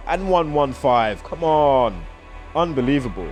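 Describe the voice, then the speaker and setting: A man's voice: fairly high pitch, lively intonation, moderate pace, soft background music. Rambling British man reeling off numbers. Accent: British English. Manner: rambling, reels off strings of numbers. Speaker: vlogger. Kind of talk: casual numerology commentary.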